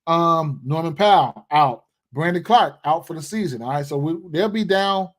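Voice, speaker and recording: A man with a fairly high voice chats live with his viewers about sports picks. he talks in a loose, rambling way, full of slang and asides to his audience. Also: expressive, normal speed. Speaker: sports betting live stream host. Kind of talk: casual live stream chat.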